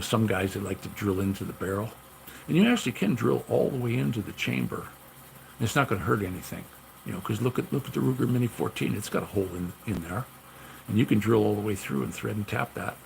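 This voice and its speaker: A man's voice: lowish voice, creaky, slight background noise, rough recording. A man casually telling long stories about his gunsmith work, rambling and repeating himself with lots of "you know". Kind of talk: casual storytelling.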